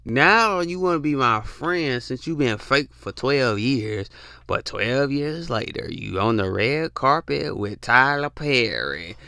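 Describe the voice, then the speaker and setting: A man's voice: medium pitch, expressive, slow, gravelly, bright, forceful tone, no room sound, studio quality. A young man ranting in a blunt, profane, slangy monologue, repeating himself for emphasis. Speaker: podcast host. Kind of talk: casual monologue rant.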